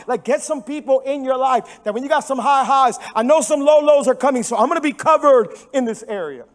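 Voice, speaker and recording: High-voiced, animated man preaching a sermon. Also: a little fast, few pauses. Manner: animated storytelling with sudden drops to hushed tones; emphatic and repetitive for stress. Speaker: pastor. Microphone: microphone.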